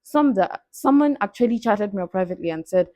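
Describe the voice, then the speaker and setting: A woman's voice: medium pitch, expressive, brisk, a little mellow, no echo, studio quality. A young woman, answering viewer questions in a candid, playful way that breaks into frequent laughs. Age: 20s. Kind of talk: casual Q&A vlog.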